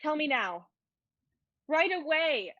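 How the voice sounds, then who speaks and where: A woman's voice: sits high, very animated, slow, dry recording, exaggerated voice. A woman voicing a curious, playful fourteen-year-old girl in an amateur online play reading, teasing and pleading by turns. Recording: dull lo-fi sound.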